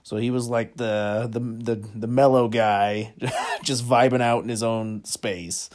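A man with a middle-pitched voice telling comedic stories as a podcast host. He rambles, chuckles often and fills his sentences with lots of little pauses. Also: level tone, a little mellow. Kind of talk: comedic storytelling monologue.

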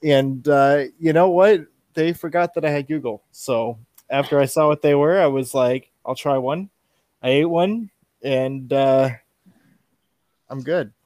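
A man's voice: fairly high pitch, unhurried, a little mellow, no echo. A man co-hosting a podcast, chatting casually with dry wisecracks. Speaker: podcast co-host. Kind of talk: casual chat.

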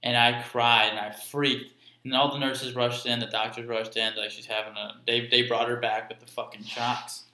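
A man's voice: mid-range voice, little pitch movement, normal speed, pushed and bright. A young man sharing an emotional personal story in earnest, profane casual chat. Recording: echoey room.

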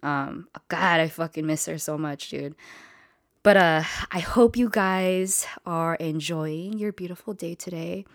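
Low-voiced young woman telling a story. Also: a little slow, no echo, studio quality. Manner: candid and emotional, swears casually. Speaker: podcast host. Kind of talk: casual personal storytelling.

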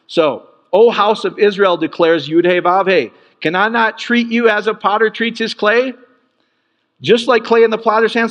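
A man preaching a sermon in an animated way, jumping from loud bursts to quiet asides. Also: in a large hall, lo-fi sound. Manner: animated, swings from loud peaks to low asides.

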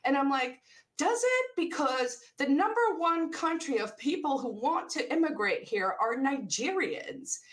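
A woman's voice: sits high, fairly bright tone. A young adult woman from South Africa with an American accent, a guest in a casual interview who chats freely, laughs often and acts out the voices she quotes.

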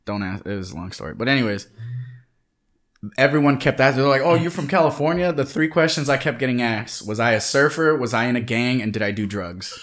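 A young man chats casually as a podcast co-host, telling his stories in a dry, laid-back way. His voice sits at a middle pitch. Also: brisk, a bit bright. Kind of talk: casual chat.

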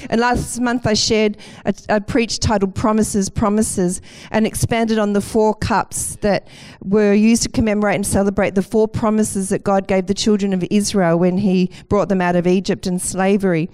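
A woman's voice: mid-range voice, flat delivery, moderate pace, hardly any pauses, darkish tone, clean tone. A woman preaching a sermon with enthusiasm and a light self-deprecating humour.

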